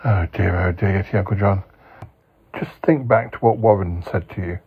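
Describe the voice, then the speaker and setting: A man's voice: sits low, normal speed, husky. A male podcast host chatting casually and patiently scolding a character. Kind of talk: casual chat with a puppet-style character. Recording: dull lo-fi sound.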